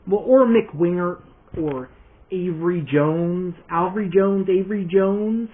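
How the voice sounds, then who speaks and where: A man's voice: high voice, a little slow. A young man vlogging casually about his fan series, rambling and hesitant with many fillers. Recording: tinny phone-like recording, faint hiss.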